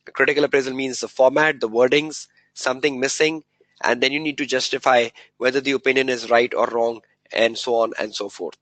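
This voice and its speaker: A man's voice: medium pitch, steady tone, fairly quick, a bit bright, no echo, poor audio. A man giving a live exam revision lecture, quizzing students with rhetorical questions and repeating key words for emphasis.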